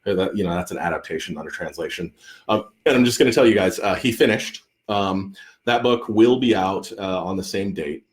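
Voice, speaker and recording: A man with a fairly low voice talks casually to viewers on a live stream. He rambles, repeats words and restarts his sentences often, sprinkling in ums and uhs as he answers questions. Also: brisk. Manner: rambling, stammering with many restarts and fillers. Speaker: author hosting a live Q&A. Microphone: computer or phone mic on a live stream.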